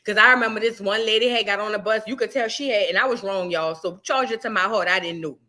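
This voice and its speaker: New lady chatting on her stream, bright sharp voice, slangy and animated. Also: medium pitch, fast talker. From New Orleans, USA. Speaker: livestream host. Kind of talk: casual livestream chat.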